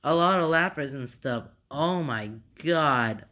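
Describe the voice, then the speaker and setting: Male reaction host, unhurried delivery, laughing through tears. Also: fairly high pitch, animated, pushed and bright. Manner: helpless laughter, talking through giggles. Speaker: channel host. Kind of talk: reaction video commentary.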